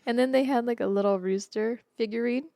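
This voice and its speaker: A woman's voice: on the high side, brisk, gravelly, warm tone, no room sound, studio quality. A woman co-hosting a casual podcast, giggly and chatty as she tells stories. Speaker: podcast co-host. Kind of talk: casual banter.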